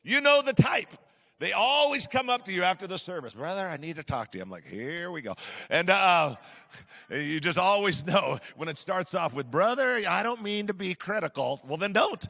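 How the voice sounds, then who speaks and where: Telling a sermon story in a church sanctuary, this middle-aged guest pastor speaks with a high, gravelly, sharp-toned voice. He's chatty and self-deprecating, using lots of fillers, and the big hall adds long reverb.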